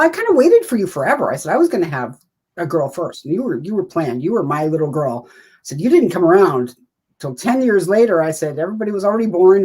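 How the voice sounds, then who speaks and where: A woman's voice: low voice, a little mellow, slightly rough. A woman in her fifties, a guest in an interview, talking in a chatty, rambling way with self-deprecating humor. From United States. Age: 50s. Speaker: writer and guest. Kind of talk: casual interview talk.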